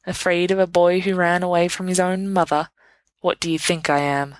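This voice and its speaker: A lazy, nasal drawl drips from this sneering teenage wizard, voiced by a woman reading aloud. Every line sounds mocking and insolent. The low voice sits close and dry. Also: level tone, normal speed, no room sound, close to an everyday voice.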